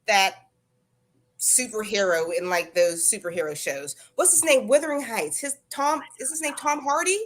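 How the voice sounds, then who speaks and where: A woman's voice: medium pitch, moderate pace. A woman co-hosting a casual live stream, chatty and gushing, wandering into rambling asides. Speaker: co-host.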